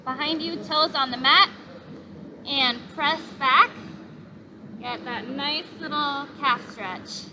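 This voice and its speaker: High-voiced woman teaching kids yoga outside, gentle and encouraging, traffic noise behind. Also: slow, pauses often. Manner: gentle, encouraging, cueing breaths. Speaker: yoga instructor. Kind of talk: guided yoga class instruction. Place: outdoors in a park.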